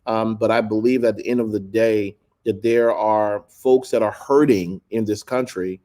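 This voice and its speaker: A man with a somewhat low voice gives measured commentary as a guest. He talks deliberately, hedging and restarting phrases while he builds his point. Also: steady tone, warm tone. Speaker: guest speaker.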